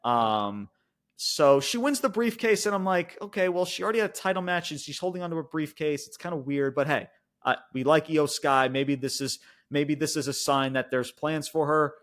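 A man's voice: fairly high pitch, normal speed, fairly bright tone. A man co-hosting a wrestling podcast, ranting in casual, profane chat, with lots of "like" and restarts. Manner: frequent fillers and restarts like "like".

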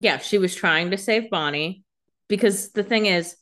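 A woman's voice: medium pitch, moderate pace, a bit bright. A young woman co-hosting a casual chat, adding joking asides about the characters. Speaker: podcast co-host.

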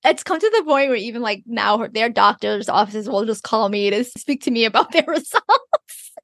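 Here the young woman co-hosting the podcast speaks at a moderate pace in a voice on the high side. The studio-quality audio has no room sound, and her casual chat is full of animated stories and frequent laughter.

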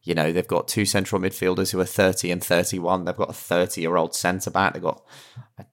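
A man's voice: low-pitched, little pitch movement, brisk. A man co-hosting a casual football podcast, making matter-of-fact points and throwing in short, dry interjections.

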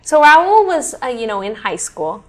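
A woman in her thirties hosting a casual chat, explaining history in a lively, chatty way. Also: fairly high pitch, normal speed. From Kansas City area. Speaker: weather show host.

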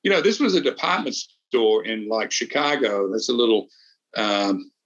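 A man's voice: fairly low pitch, big pitch swings, normal speed, a bit bright, muffled recording. A middle-aged man, a golf analyst and former champion, chatting casually and telling rambling anecdotes. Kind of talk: casual podcast chat.

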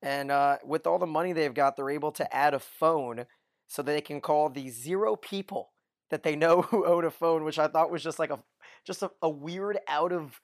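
Guy doing a chatty tv recap, bit high voice, dry no-room sound. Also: dry recording. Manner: lively storytelling, chuckles often. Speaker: podcast co-host. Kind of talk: casual TV episode recap.

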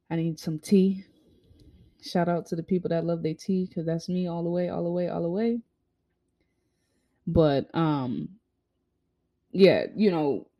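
A young woman vlogger with a warm, medium-pitched voice delivers a blunt, profane motivational monologue, driving her points home with rhetorical questions. She's hiccuping as she speaks.

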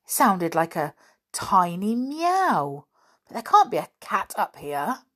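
A woman voicing a bold, bossy schoolboy who gives brisk orders in a storybook reading. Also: medium pitch, big pitch swings, fairly bright tone, heavily acted. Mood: lively. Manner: commanding, brisk.

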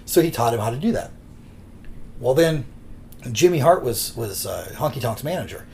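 A man's voice: mid-range voice, sing-song, normal speed, gravelly, darkish tone, slight background noise. A man co-hosting a podcast who tells rambling anecdotes in casual chat and acts out the quotes. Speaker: podcast co-host.

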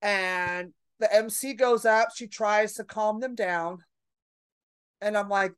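A woman's voice: mid-range voice, slow, smooth. A woman comedian telling a club story in a casual podcast chat, brash and profane, acting out the people in it. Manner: brash, profane, animated storytelling with acted quotes. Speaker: stand-up comedian.

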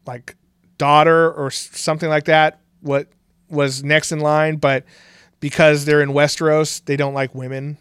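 Rambling man recapping a show, smooth voice. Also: no room sound, studio quality. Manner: rambling, many fillers and restarts, breaks into mocking high voices for quotes. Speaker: podcast co-host. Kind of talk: casual fan chat recapping a TV series.

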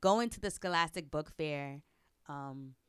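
A woman co-hosting a podcast in casual chat, chatty and quick to laugh. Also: deep voice, fairly bright tone, clean tone, no echo, studio quality. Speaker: podcast co-host.

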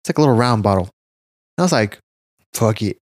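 Male podcast co-host with an animated delivery and loose, profane stories. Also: on the low side, quick pace, no room sound, studio quality. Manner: animated storyteller, swears a lot, acts out his stories. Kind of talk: casual chat.

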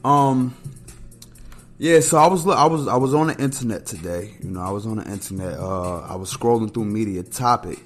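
A man's voice: normal speed, soft background music. A man hosting a casual solo podcast, talking bluntly and profanely and leaning on "man" as filler. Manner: animated, pitch jumps when outraged or amused.

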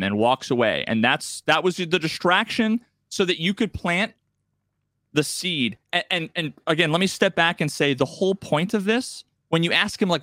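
Man, podcast co-host, casual storytelling, slightly high voice, dry close mic, voices game characters. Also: normal speed, no echo. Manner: animated storyteller, acts out game dialogue in raised voices. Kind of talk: casual gaming podcast chat.

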